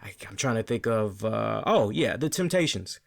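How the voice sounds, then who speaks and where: A man's voice: lowish voice, lively intonation, normal speed, creaky. A man hosting a wrestling review show, talking casually and with animation, often repeating words and asking "right?".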